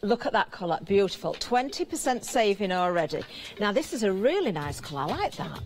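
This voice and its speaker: A British woman presenting on a live TV shopping channel, chatty and giggly as she banters with the crew, her voice slightly hoarse. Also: mid-range voice, big pitch swings, a little fast, a little hiss or hum. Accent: British English. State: slightly hoarse, throat catching.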